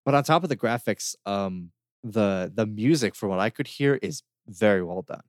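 A relaxed man co-hosts a casual game review talk. His voice sits on the low side and comes across dry and close. He talks easygoing and loose, with many fillers. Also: moderate pace, no echo. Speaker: podcast co-host reviewing games. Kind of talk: casual chat.

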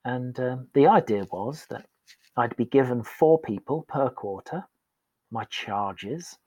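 Husky-voiced man, candid storytelling. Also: mid-range voice, lively intonation, slow, darkish tone, no echo, poor audio. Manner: candid and self-deprecating, acts out quoted voices. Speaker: guest. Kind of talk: casual storytelling in a podcast interview.

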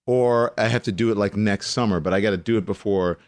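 A man from Louisiana with a mild Southern accent, a guest in a casual interview, telling stories in an animated way and acting out the voices of the people he quotes. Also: fairly low pitch, fast, no room sound. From Louisiana, USA.

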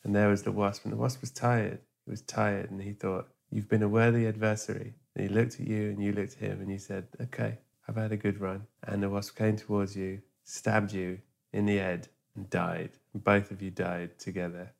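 A man hosting a podcast, telling a deadpan, sweary comic story and acting out characters in a hushed voice. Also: lowish voice, moderate pace, vocal fry. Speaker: podcast host.

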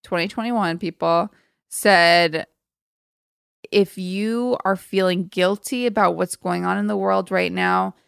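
A woman's voice: lowish voice, steady tone, slow pace, gravelly, clean tone, dry recording, clean studio sound. A woman co-hosting a podcast in casual chat, teasing her friend and then speaking earnestly. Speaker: podcast co-host.

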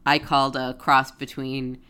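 A woman with a low-pitched voice talks casually as a podcast co-host. She recaps a TV episode in a chatty way, full of "like" and "yeah". She agrees often and keeps the talk relaxed. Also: a little slow, clean tone. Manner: chatty, lots of filler words and agreement.

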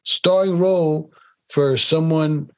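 A man's voice: fairly high pitch, fairly even intonation, slow. A man in a casual interview, talking as a casting director. He rambles and repeats words while finding his point, and mimics other people's accents when he tells a story.

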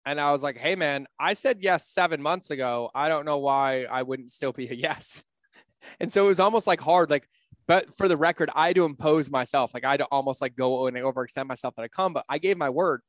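A man talking casually on a podcast, blunt and animated, swearing freely and acting out his own quotes. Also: brisk, dry recording. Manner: acts out his own quotes with big pitch jumps.

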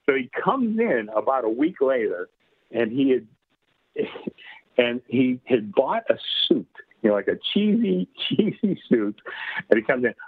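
Casting: husky man, chatty storyteller, thin telephone-band sound. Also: mid-range voice, big pitch swings, a little slow. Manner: rambling, laughing often, many fillers. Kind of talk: casual anecdote telling. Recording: tinny phone-like radio line.

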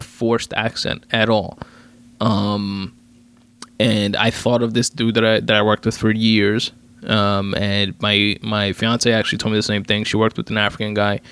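A man's voice: lowish voice, fairly bright tone. A young man hosting his own podcast, ranting casually about a movie, swearing freely, with lots of fillers and restarts. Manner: profane, rambling, many fillers and restarts. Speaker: podcast host. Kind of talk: casual solo podcast rant.

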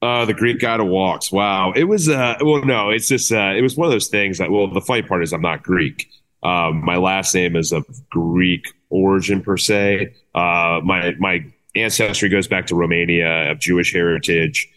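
Man, middle-aged, interview guest, fairly low voice, excitable, rambling, self-deprecating. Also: normal speed. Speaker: guest, former player. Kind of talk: casual interview talk.

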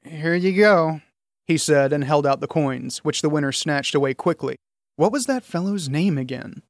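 A man's voice: fairly high pitch, normal speed, dry recording, clean studio sound. A man narrating a fantasy novel in scripted storytelling. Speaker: audiobook narrator.

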